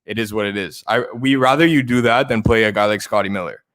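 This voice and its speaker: Low-voiced excitable fantasy football co-host man. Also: quick pace. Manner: excitable, stumbles and repeats words. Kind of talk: casual sports betting chat.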